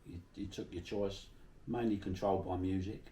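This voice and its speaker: Middle-aged south london bloke from bermondsey, low mellow voice, yarning away and swearing, echoey room a bit off mic. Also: male voice, steady tone, normal speed, far from the mic, a little hiss or hum. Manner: chatty, salty, swears freely while telling anecdotes. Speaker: interviewee. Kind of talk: casual storytelling interview.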